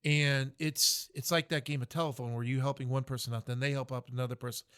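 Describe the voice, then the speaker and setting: A man's voice: mid-range voice, fairly even intonation, quick pace, fairly bright tone, clear, resonant tone. A man in his fifties from the United States, a military veteran, speaking earnestly and reflectively as a podcast guest. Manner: earnest, reflective, many fillers and restarts. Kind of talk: podcast interview.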